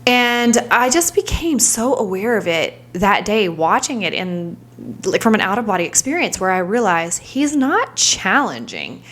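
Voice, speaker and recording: A woman in her thirties shares a personal story in a reflective, candid vlog. She talks in a searching, thinking-out-loud way, at a middle pitch for a woman, and now and then falls into a hushed whisper. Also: very animated, unhurried. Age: 30s. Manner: candid, searching, trails off into soft whispers when reliving moments. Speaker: vlogger.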